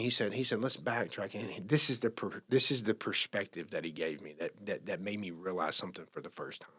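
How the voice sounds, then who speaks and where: Low-voiced man telling a story. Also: sharp tone, breathy edge. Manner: emotional, halting, many restarts. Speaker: podcast guest sharing recovery story. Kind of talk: casual storytelling.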